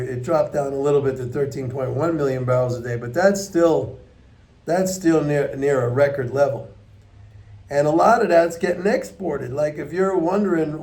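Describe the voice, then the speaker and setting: Gravelly, blunt man commentator. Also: medium pitch, mellow. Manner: blunt, emphatic, repeats points for stress. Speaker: economics commentator. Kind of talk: unscripted market commentary to viewers.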